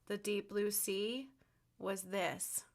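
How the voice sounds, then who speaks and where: A woman's voice: mid-range voice, steady tone, slow pace. A woman earnestly and insistently preaching her spiritual beliefs in a commentary vlog. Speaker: spiritual vlogger.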